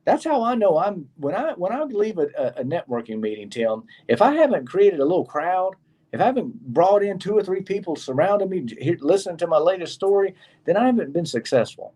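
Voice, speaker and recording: A man's voice: high voice, big pitch swings, a little fast, mellow. A middle-aged man co-hosting a casual chat show, telling stories and acting out the people he quotes. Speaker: co-host.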